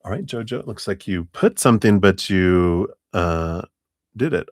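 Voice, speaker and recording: A man with a very low voice gives a relaxed, chatty live tarot reading. He laughs often and slips into playful quoted voices. The sound is dry and close. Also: moderate pace, no echo. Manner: chatty, laughs often, speaks warmly to viewers. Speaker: tarot reader.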